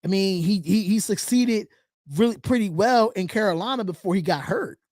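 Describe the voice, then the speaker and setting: A man's voice: sits high, moderate pace, a little mellow, no echo, clean studio sound. A man hosting a casual live fan podcast, reading viewer comments aloud and repeating his points in loose, chatty speech. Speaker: podcast host. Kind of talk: casual live-stream chat.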